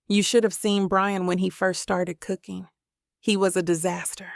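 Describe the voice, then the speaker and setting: A doting mother in her later years, soon to be a grandmother, who fusses kindly and won't take no, read by a woman narrator. Her voice is a touch gravelly and close to the mic. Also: mid-range voice, flat delivery, normal speed, no echo, lightly acted. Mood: fond. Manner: gently bossy, caring.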